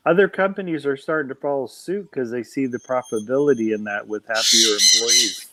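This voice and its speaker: A man's voice: mid-range voice, a little fast, very noisy. A man telling rambling, joking stories in a casual group conversation.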